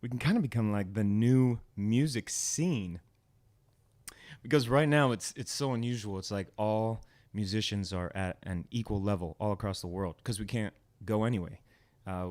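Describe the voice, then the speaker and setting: Low-voiced man chatting on a livestream. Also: a little mellow. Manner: rambling and friendly, greeting viewers by name. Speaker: musician hosting his own livestream. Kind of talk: casual livestream chat with viewers. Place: home.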